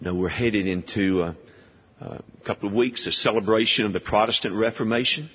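A man preaching an expository sermon, emphatic and deliberate, firing off rhetorical questions. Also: on the low side, husky. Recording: dull lo-fi audio with long hall reverb.

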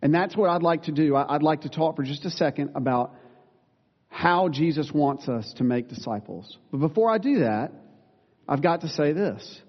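A male pastor preaching a sermon, earnest and plain-spoken, with self-deprecating asides and quick corrections of himself. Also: on the high side, animated. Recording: dull sound with long reverb in a large room.

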